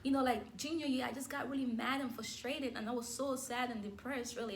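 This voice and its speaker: A woman's voice: a little high, fairly even intonation, brisk, a little hiss or hum. A young adult woman sharing a personal faith testimony in a candid, emotional way, with light laughs between her words.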